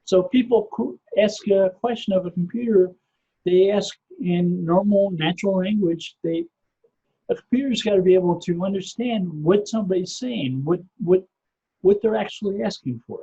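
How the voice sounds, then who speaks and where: A middle-aged man, a podcast guest, explaining things step by step in a measured way and often repeating his first word. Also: sits high, warm tone, slightly rough. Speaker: podcast guest, SEO researcher. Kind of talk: casual explanatory interview talk. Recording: muffled lo-fi podcast audio.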